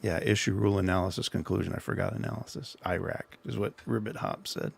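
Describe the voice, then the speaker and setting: A man's voice: sits low, fast talker, vocal fry, breathy edge. A middle-aged man hosting a livestream, telling a rambling, self-deprecating story and giving casual advice. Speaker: livestream host.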